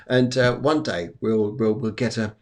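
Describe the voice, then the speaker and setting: A man's voice: lowish voice, a little slow. A man hosting a live psychic medium show, chatting casually and rambling, often repeating his phrases. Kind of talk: live-streamed casual chat and readings. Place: indoors at home during a storm.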